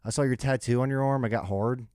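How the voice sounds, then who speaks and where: A man co-hosting a podcast in casual, joking banter, who says he is high. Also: fairly even intonation, quick pace, darkish tone, no room sound, studio quality. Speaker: podcast co-host. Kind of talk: casual chat.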